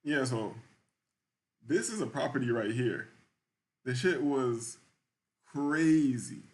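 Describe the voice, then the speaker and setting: A young man telling a loose, slangy story in casual podcast chat, often checking in with the listener. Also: mid-range voice. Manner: loose and slangy, keeps asking "you feel me". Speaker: podcast host.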